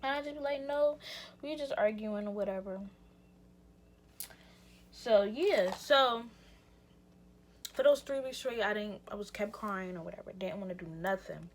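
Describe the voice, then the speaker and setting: A woman's voice: mid-range voice, moderate pace, a little hiss or hum. A young woman vlogger telling a rambling, slangy story in a casual chat with lots of "like" and restarts. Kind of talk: casual storytime while getting ready.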